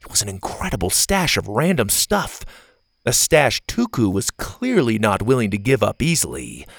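A man narrating a children's adventure story with an animated, expressive reading. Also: on the low side, moderate pace, vocal fry, no echo, studio quality.

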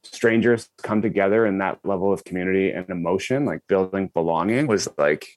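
A man's voice: low-pitched, a little fast. A man in his thirties, a podcast guest, talking casually with lots of fillers and restarts. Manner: animated, many fillers and restarts. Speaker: podcast guest, breathwork company co-founder. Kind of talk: casual storytelling.

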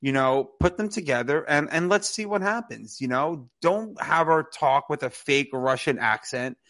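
A man's voice: on the high side, moderate pace, fairly bright tone. A man co-hosting a casual podcast, talking in a loose, rambling way, full of "you know" and restarts. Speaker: podcast co-host. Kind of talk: casual wrestling podcast chat.

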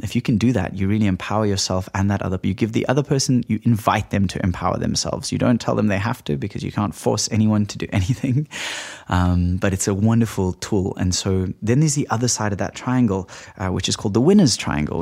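A man with a lowish, gravelly voice talks through ideas on his own podcast. His delivery is relaxed and reflective, like he is thinking aloud. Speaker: podcast host. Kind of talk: solo podcast talk.

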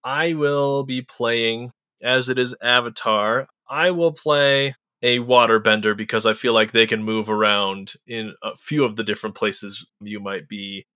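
A man hosting a casual podcast, upbeat and quick to laugh. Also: mid-range voice, steady tone, sharp tone. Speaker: podcast host.

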